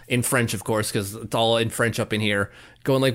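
A man co-hosting a podcast, chatting casually and acting out stories with lively voices. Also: mid-range voice, a little fast. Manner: animated storyteller, acts out voices. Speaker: podcast co-host. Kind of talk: casual chat. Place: lives in Canada.

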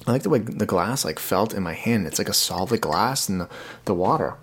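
A man's voice: fairly low pitch, expressive, fairly quick, husky. A young man hosting his own podcast in a casual, rambling, earnest way, often repeating words as he talks. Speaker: podcast host. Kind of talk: casual solo podcast talk.

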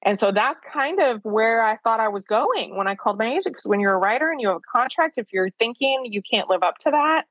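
A woman's voice: on the high side, lively intonation, dry recording, muffled recording. Frank woman telling a story, dry sound. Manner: frank and self-deprecating, quick asides. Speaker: author, interview guest. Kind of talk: candid conversational storytelling.

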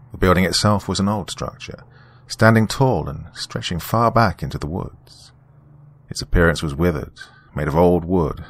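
A man narrating a scripted first-person horror story in a measured, descriptive way. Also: low voice, gravelly.

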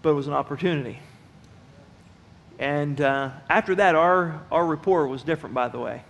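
Folksy preaching man, slightly high voice. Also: normal speed, vocal fry. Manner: folksy storytelling, speaks directly to the congregation. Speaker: pastor. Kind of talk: sermon. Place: church sanctuary.

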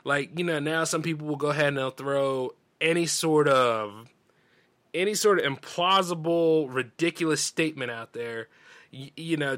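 A man from the Southern US with a light drawl, hosting a podcast and delivering an opinionated, emphatic rant. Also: sharp tone. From Southern United States. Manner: ranting, emphatic, mimics others in a high voice. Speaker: podcast host. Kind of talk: opinionated monologue.

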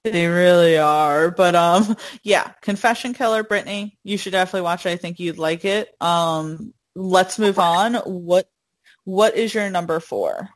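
A woman's voice: lowish voice, measured pace, dry recording. A woman co-hosting a podcast, rambling casually with lots of fillers. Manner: rambling, full of "like" and "blah blah". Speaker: podcast co-host. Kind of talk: casual chat.

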